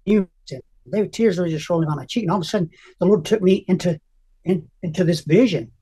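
Older man, husky voice, emotional faith testimony, earnest storytelling, interview guest. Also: high voice, fairly quick, warm tone. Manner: emotional, earnest storyteller who acts out quotes.

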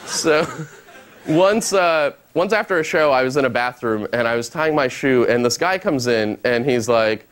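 A male stand-up comedian on a studio stage with a deadpan, halting delivery full of pauses. His somewhat high voice swings widely in pitch. A faint hiss sits under the recording. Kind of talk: stand-up set. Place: studio stage before an audience.

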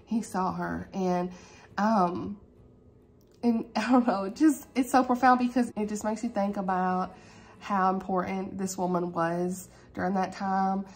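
A woman's voice: medium pitch, steady tone, a little slow. A woman talking casually to her camera at home in a reading vlog, heartfelt and chatty, calling listeners "y'all" and "honey". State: tearful, emotional. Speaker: book vlogger.

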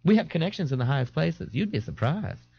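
A man voicing a flamboyant, giddy young man in an audiobook, gushing and sing-song with breathy gasps. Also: on the high side, sing-song, fairly quick, voice pushed up, heavily acted. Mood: teasing. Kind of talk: audiobook character voice. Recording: dull, dry 1989 tape recording.

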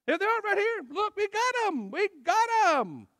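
A preacher putting on boasting ancient tribesmen. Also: male voice, extremely high pitch, moderate pace, dry recording, clean studio sound, pitched above the performer's own voice, heavily acted. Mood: boastful. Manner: excited, bragging.

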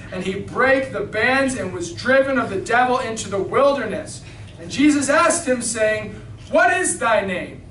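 A man preaching a King James sermon in a small church, reading scripture and exhorting with fervent, emphatic bursts of shouting. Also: high-pitched. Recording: roomy hall, mic at a distance, faint noise.

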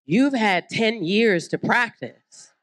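A Southern American woman preaching a lively sermon at a women's conference, acting out little scenes and voices as she goes. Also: takes it slowly. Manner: animated, acts out voices, swoops in pitch. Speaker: guest preacher.

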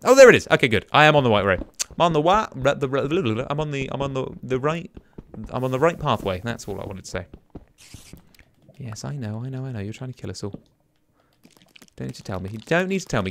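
A young man talks through his game session in a loose, rambling way, his pitch swinging widely up and down. He breaks into sudden excited outbursts, and a faint hiss sits under his voice. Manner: chatty, rambling self-talk with sudden excited exclamations. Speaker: let's play gamer. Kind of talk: casual gameplay commentary.

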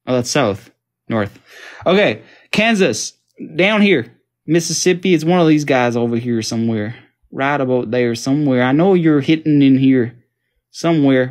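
A young Australian man playing a map quiz, thinking aloud and getting frustrated, his voice jumping high when he can't find a place. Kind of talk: casual gaming commentary.

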